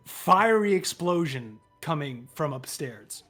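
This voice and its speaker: Animated woman game master. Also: low-pitched, unhurried, soft background music. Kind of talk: narrating a tabletop game.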